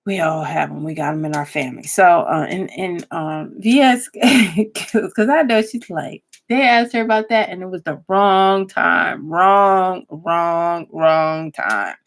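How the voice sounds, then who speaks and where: A woman's voice: lowish voice, measured pace, vocal fry. A woman vlogger, chatting casually and laughing often as she gossips and swears. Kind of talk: casual chat commentary.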